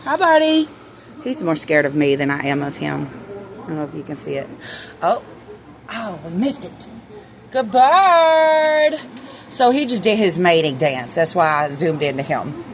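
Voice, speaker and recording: A woman's voice: deep voice, lively intonation, moderate pace, noisy background. A woman films her backyard chickens on a handheld phone, talking casually and nervously. She swears under her breath and coos at the birds. Faint outdoor ambience sits behind her voice. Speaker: vlogger. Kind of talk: casual chat. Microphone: handheld phone camera.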